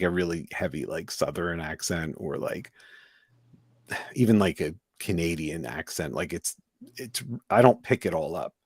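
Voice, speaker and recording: A low-pitched American man hosts a podcast, chatting casually and rambling with plenty of fillers and restarts. The audio is studio quality with no echo.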